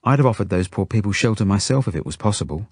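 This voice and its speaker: Gentle, caring woman guardian, read by a male narrator; low, soft, husky. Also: expressive, quick pace, no room sound, studio quality. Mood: concerned. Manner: gentle and concerned.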